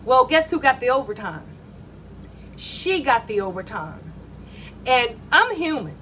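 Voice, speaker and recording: A middle-aged woman recounts her own faith story in a high, animated voice. She slips into the voices of the people in it as she goes. A faint room ambience sits under her speech. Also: unhurried, slight background noise. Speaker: mother telling a personal faith story. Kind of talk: personal testimony storytelling.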